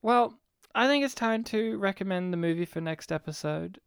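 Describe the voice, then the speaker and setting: A man co-hosting a casual movie podcast, laughing often, swearing now and then, and breaking into quick impressions. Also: sits high, expressive, vocal fry, smooth, no room sound, studio quality. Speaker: podcast co-host.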